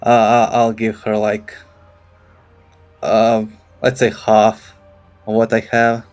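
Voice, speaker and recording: A man's voice: on the low side, monotone, slow, darkish tone, clear, resonant tone, faint music behind. A man playing a tabletop game, hesitant and stammering. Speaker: player.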